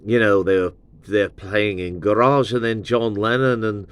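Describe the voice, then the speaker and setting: A man with a lowish voice talks through an album review in a casual, digressive way, drifting from one aside to the next. The sound is dry and close, with no room around it. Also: flat delivery, measured pace, hardly any pauses, clear, resonant tone, no echo. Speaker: host.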